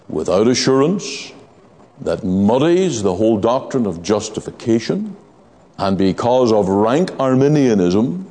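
A man preaching a sermon, stressing key phrases slowly and rising in emphasis as he argues doctrine. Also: fairly low pitch, a little mellow. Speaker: pastor. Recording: long hall reverb.

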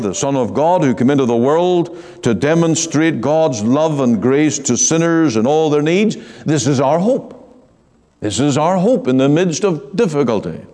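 A man preaching a sermon in an earnest, pleading way, slow and deliberate, with quiet drops. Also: mid-range voice, long reverb tail.

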